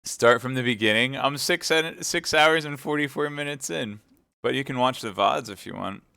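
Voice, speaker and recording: A man reading a classic novel aloud on a live stream, steady narration with chatty asides to viewers. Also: mid-range voice, moderate pace, creaky, clear, resonant tone, no room sound, studio quality.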